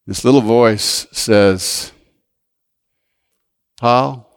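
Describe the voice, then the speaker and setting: A man preaching a sermon and telling a story, swinging from raised, emphatic lines down to hushed asides. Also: mid-range voice, lively intonation, slow, no echo.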